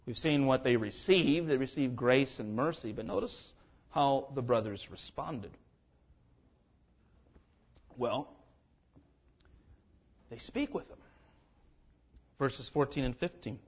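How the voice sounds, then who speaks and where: A man preaching a sermon with impassioned swings in pitch and loudness, sometimes acting out the speakers in his text in a conversational voice. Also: expressive, takes it slowly, pauses often, husky, dull audio. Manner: acts out biblical speakers in a conversational voice. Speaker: pastor.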